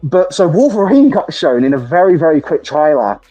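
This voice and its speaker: A British man hosting a podcast, chatting excitably with lots of laughter and swearing. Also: fairly high pitch, normal speed, dull audio, faint music behind. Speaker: podcast host. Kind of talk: casual chat.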